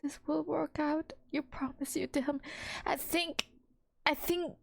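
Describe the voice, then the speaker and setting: A woman's voice: high voice, fairly even intonation, a little slow, vocal fry, dry recording. A young woman streamer reacting emotionally to a game, gushing and slangy. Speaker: gaming streamer.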